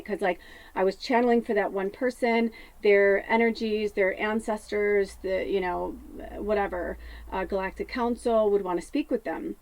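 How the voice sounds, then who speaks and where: A woman's voice: mid-range voice, a little mellow, no echo. A woman psychic medium in a rambling spiritual monologue, often laughing and swearing casually as she talks.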